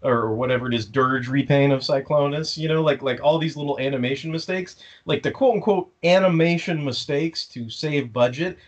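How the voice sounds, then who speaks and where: A man's voice: fairly high pitch, moderate pace, hardly any pauses. A man co-hosting a casual fan podcast, ranting sarcastically with plenty of profanity and mocking impressions of the characters. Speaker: podcast co-host. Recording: slightly dull lo-fi audio.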